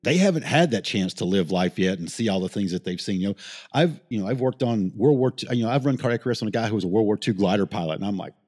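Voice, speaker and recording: A husky, fairly low-voiced middle-aged man rattles off a story at speed, rambling and swearing as he goes. The sound carries a long reverb tail, as if recorded in a large room. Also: lively intonation, darkish tone. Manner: fast, rambling, swears freely, emotional. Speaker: paramedic guest. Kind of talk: casual storytelling interview.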